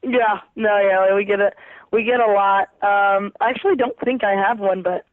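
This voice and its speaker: A woman soccer player from New Jersey being interviewed by phone, answering casually with lots of hesitant filler pauses. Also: medium pitch, steady tone, no room sound. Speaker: pro soccer player, guest. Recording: tinny dry phone line.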